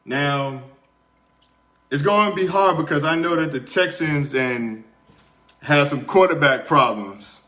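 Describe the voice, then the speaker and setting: This young man's voice runs high and sharp, and he takes his time, leaving long pauses. Hosting his podcast in a small room beneath hot studio lights, he tells a laid-back story and then walks through his sports picks, talking to viewers chattily and repeating himself.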